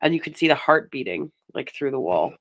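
Lower-pitched woman chatting about a film. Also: fairly quick. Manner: animated, laughs often, wry. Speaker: podcast co-host. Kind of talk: casual film recap chat.

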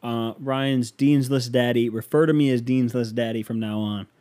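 Recorded dry in a bedroom with a fan going, a man who hosts a podcast spins a funny, rambling tale at his own expense, flaring into sudden rants. His medium-pitched voice is steady and dark-toned, at a moderate pace.

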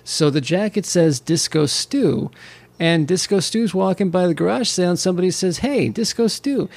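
A man co-hosting a casual podcast, rambling and animated as he retells jokes between laughs. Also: high-pitched, normal speed, vocal fry, dry recording. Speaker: podcast co-host.

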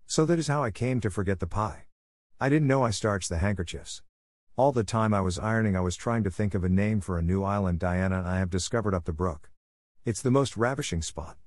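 A man's voice: on the low side, fairly quick, darkish tone, dry recording, studio quality, close to an everyday voice. A man voicing an imaginative, eager orphan girl of about eleven, talking in a breathless, dramatic rush. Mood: earnest.

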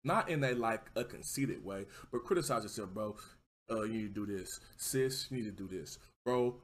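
A man hosting a livestream talk show, giving casual motivational talk, encouraging viewers and shouting them out by name. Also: fairly low pitch, expressive, moderate pace. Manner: encouraging, keeps asking "you know what I mean".

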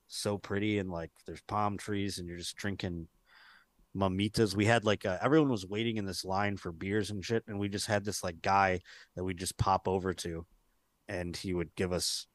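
A man's voice: low voice, steady tone, normal speed, dry recording. A man co-hosting a podcast in loose, profane, rambling casual chat, often acting out quotes. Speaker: podcast co-host.

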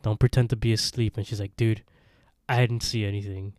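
Laid-back man with a mellow, dry voice. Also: fairly low pitch, no room sound. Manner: animated retelling, acts out lines in quick voices. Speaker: podcast co-host. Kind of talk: casual recap of a horror episode.

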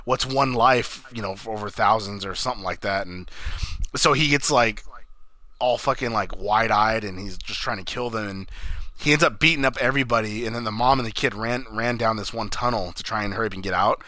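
A man's voice: on the low side, fairly quick, pushed and bright, no echo. A young man on a podcast, casually recapping a horror film in a rambling way, swearing often and acting out lines from the movie. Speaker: podcast co-host.

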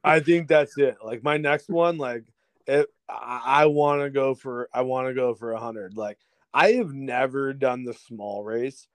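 A man telling a story in a casual chat as a podcast guest, lively, acting out other people's lines and laughing often. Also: medium pitch, a little slow, dry recording. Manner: animated storyteller, acts out voices, laughs often, swears.

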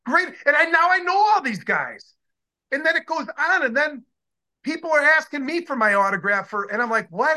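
A man in his sixties who used to play football tells stories in a casual interview. His voice is very high, and his talk is excited and rambling, with many restarts.

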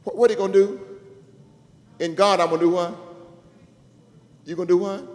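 A man preaching a sermon as bishop, calling to the congregation and rising into sung shouts. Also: sits high, steady tone, brisk. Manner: call-and-response preaching, building to sung shouts. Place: church sanctuary. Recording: echoey church hall with music.

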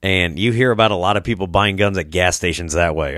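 A man's voice: sits low, fairly quick, a bit bright, no room sound, studio quality. A young man from Iowa telling a rambling, profane story as a podcast host, acting out the voices of people he quotes. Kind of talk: casual storytelling.

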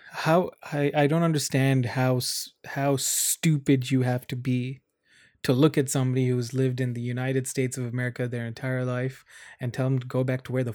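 Blunt, swearing man with a flat voice. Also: medium pitch, no echo, clean studio sound. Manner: blunt, frequent swearing, angry. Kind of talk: casual vlog commentary.

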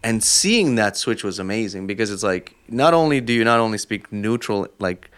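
Guy on a podcast, lowish voice, chatty and thoughtful, goes on with examples. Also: animated, moderate pace, a bit bright. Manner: thoughtful, explains at length with examples. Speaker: podcast co-host. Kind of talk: casual chat.

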